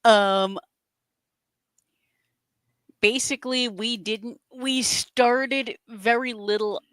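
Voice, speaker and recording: A woman's voice: a little high, steady tone, very slow, a bit bright, dry recording. A woman from north of Boston with a mild Boston accent, co-hosting a casual chat in a hesitant way with many restarts. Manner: hesitant, many false starts and fillers. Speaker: podcast co-host.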